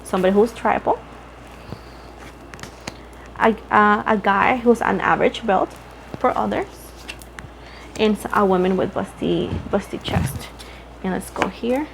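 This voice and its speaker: A woman's voice: mid-range voice, a little slow, creaky, long pauses, a little hiss or hum. Chatty young woman reading tarot. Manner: chatty, rambling, self-interrupting. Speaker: tarot reader. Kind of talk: casual tarot reading for viewers.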